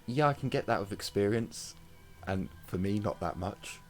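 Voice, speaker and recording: A British man playing a tabletop game, bantering dryly and relaxed with the group. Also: on the low side, moderate pace, faint music behind. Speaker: player. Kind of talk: casual game chat.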